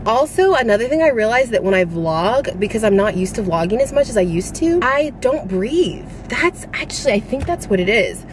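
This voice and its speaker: A woman's voice: medium pitch, noisy background. A young woman vlogging in a casual, rambling, giggly way with lots of fillers, a little out of breath as she talks. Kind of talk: casual chatty vlog.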